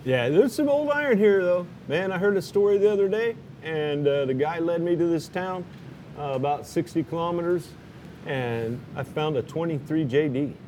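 A man's voice: on the high side, lively intonation, normal speed, darkish tone, a little hiss or hum. A man on a motorcycle trip chatting casually, rambling and laid-back with many fillers. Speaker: motorcycle traveler. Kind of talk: casual chat.

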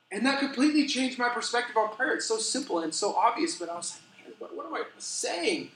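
A middle-aged man preaching a sermon as a pastor, telling stories with animated, self-deprecating humor. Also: very high voice, a little fast, few pauses. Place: church sanctuary. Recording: echoey church hall.

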